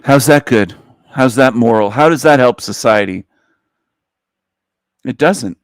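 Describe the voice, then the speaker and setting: A man's voice: medium pitch, measured pace, no echo, clean studio sound. A man hosting a live stream, delivering an emphatic, preachy monologue that circles back and repeats its points. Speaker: livestream host.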